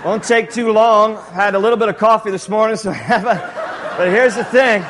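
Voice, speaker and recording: Male pastor with a high voice, animated, jokey sermon delivery. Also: normal speed, noisy background. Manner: animated, jokey preaching with frequent laughs.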